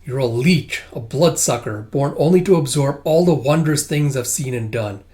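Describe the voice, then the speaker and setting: A man reading a comic aloud, voicing a dying old noblewoman in a haughty, contemptuous tone in his own middle-pitched voice. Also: normal speed, darkish tone, close to an everyday voice. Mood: scornful. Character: imperious dying old noblewoman, cold and scornful.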